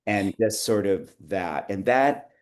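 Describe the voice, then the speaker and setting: Middle-aged male interview guest with a low voice, telling anecdotes and voicing the people in them. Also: animated, slow pace. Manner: rambling anecdotes with quoted dialogue and laughs. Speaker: guest, theater producer. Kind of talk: conversational interview storytelling.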